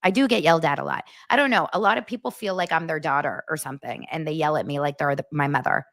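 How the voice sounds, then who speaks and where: A woman hosting a podcast in blunt, animated, self-deprecating casual chat. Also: deep voice, fast, no room sound, studio quality. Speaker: podcast host.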